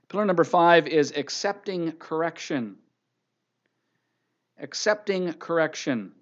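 A male pastor preaching with emphasis and repeating each scripture reference for his listeners. His voice sits fairly high, and the sound is dull and lo-fi. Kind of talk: sermon.

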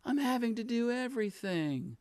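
A man's voice: animated, a little fast, no room sound. A preacher voicing a flustered woman who complains about being left to do all the kitchen work alone. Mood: exasperated. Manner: complaining, shrill and exasperated.

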